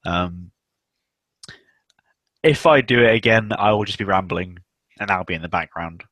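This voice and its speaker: A man's voice: low voice, moderate pace, fairly bright tone, dry recording. A man from England hosting a casual online hangout, rambling, laughing often and swearing offhandedly. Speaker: hangout host. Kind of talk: casual chat.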